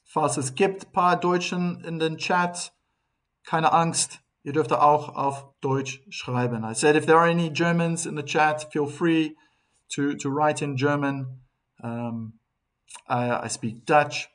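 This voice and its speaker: A man's voice: fairly high pitch, fairly even intonation, slow pace, a bit bright. A man from Africa, hosting a live tennis stream and chatting casually with viewers, reading their comments aloud with frequent restarts. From South Africa.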